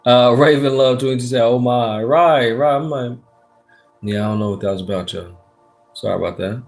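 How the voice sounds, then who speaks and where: A man's voice: mid-range voice, normal speed, a little mellow, soft background music. A man hosting a tarot-reading livestream into his phone's front camera late at night, chatting casually, swearing freely and reading out viewer comments. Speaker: tarot reader hosting a live stream.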